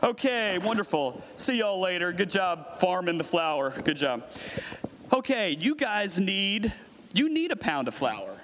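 A man's voice: sits high, very animated, measured pace, background noise. A man preaching a dramatic sermon, calling up volunteers and acting out a scene. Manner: dramatic, calls up volunteers, acts out a merchant. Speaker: pastor. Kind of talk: sermon with audience role-play. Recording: echoey hall with long reverb.

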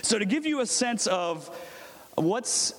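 A pastor delivers a dramatic sermon, calling volunteers up and acting out a merchant as the audience role-plays. His voice is high with big pitch swings, and he takes it slowly. The hall is echoey with long reverb.

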